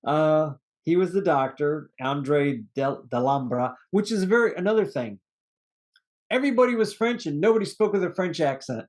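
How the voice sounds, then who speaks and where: A man with a slightly high voice and lively intonation talks at normal speed as co-host of a casual movie review podcast. Rambling through the cast names, he keeps restarting and laughing at his own jokes.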